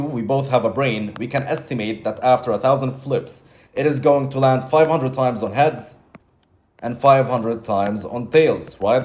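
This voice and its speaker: A man's voice: medium pitch, a little mellow. A man teaching trading in a casual monologue, blunt and repetitive, swearing now and then. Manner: acts out his own inner voice in quotes. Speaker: trading mentor.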